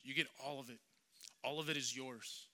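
A man voicing a gentle, fatherly God who speaks in soft, pleading invitations. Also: mid-range voice, fairly even intonation, moderate pace. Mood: tender.

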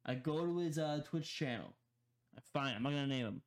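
A young man co-hosting a casual podcast tells a rambling story packed with repeated words and laughs. His voice is medium in pitch, animated, and fairly quick.

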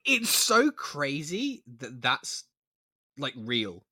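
A man co-hosting a casual podcast, excitable and blunt, swearing freely. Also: mid-range voice, drawn-out words, dry recording. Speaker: podcast co-host. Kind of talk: casual chat.

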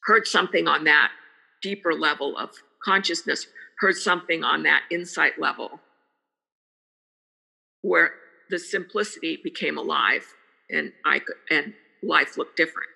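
Older lady guest, earnest, repeats stuff for emphasis, sharp bright voice, reverby sound. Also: low voice, a little slow, creaky, husky. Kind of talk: casual conversation.

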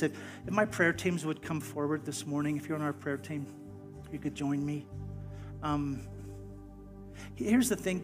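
A man pastor closing a sermon and praying in a casual, conversational way, often stumbling and restarting words. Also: fairly high pitch.

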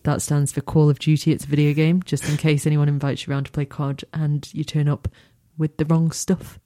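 A woman's voice: low voice, level tone, moderate pace, hardly any pauses, dark tone. A woman with a neutral English accent, a touch northern on some words, chatting casually as a podcast co-host, teasing and laughing often. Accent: neutral English, slightly northern on some words. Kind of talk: casual chat.

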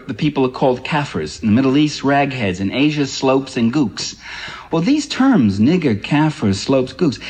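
Husky, impassioned male lecturer. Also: a little mellow, low-quality recording. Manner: impassioned, ironic, emphatic with rising pitch on key points. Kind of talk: public lecture.

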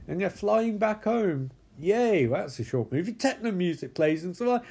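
A man with a high voice, casually recapping a film scene by scene. He bursts into the characters' lines, swears freely and climbs into shrill yelps at the exciting moments. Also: moderate pace, hardly any pauses, husky. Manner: animated, acts out characters' lines, swears a lot. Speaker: film commentator.

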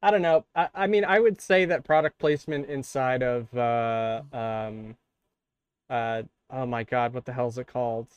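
A man's voice: medium pitch, normal speed, smooth, no echo, lo-fi sound. A man chatting on a podcast, rambling and swearing casually. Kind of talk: casual chat.

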